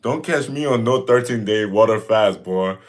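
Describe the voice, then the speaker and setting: Male host, 30s, very low voice, emphatic, repetitive and joking in casual livestream chat. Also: normal speed. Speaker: fitness streamer answering viewer questions.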